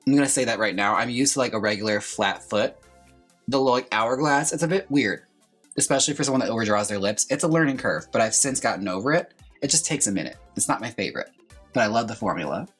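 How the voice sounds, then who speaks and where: Young drag queen dude chatting thru his makeup, campy and theatrical, bit husky, soft music under. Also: mid-range voice, lively intonation, quick pace. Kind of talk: casual makeup tutorial chat.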